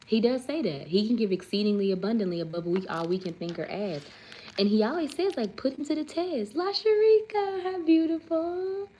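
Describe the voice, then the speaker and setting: A woman's voice: medium pitch, expressive, brisk, warm tone, a little hiss or hum, poor audio. A woman, hosting a casual livestream chat, rambling and saying "like" often. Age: 30s. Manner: chatty, rambling, says "like" often; reads viewer comments aloud. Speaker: livestream host.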